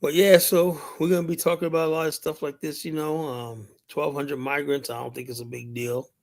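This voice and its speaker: A man on a home live stream tells rambling stories to his chat. His voice sits a bit high for a man, and he leans on fillers as he talks. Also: level tone, brisk, a little mellow. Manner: rambling, storytelling, lots of fillers like "and whatnot". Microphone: streaming mic.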